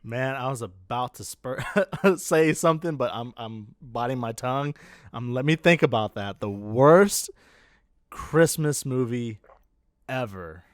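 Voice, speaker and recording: A man's voice: mid-range voice, a little slow, dry recording, clean studio sound. A man co-hosting a casual podcast, reacting with short exclamations and laughs. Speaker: podcast co-host. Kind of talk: casual chat.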